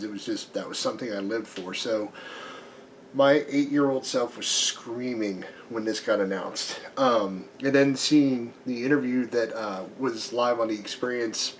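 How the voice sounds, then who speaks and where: A man with a slightly hoarse voice giving a casual, chatty comic book review, full of ums and restarts. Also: mid-range voice, a little hiss or hum.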